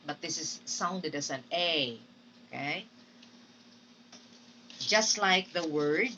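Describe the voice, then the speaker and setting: Slow bright Filipino woman teaching pronunciation. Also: fairly low pitch, distant mic, a little hiss or hum, rough recording. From Philippines. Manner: patient, drills words and repeats them. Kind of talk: classroom lecture.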